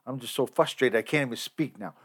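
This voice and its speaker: A man's voice: mid-range voice, fast talker, breathy edge. A man hosting a podcast, delivering a heated, profane, repetitive rant. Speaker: podcast host. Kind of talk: angry solo podcast rant.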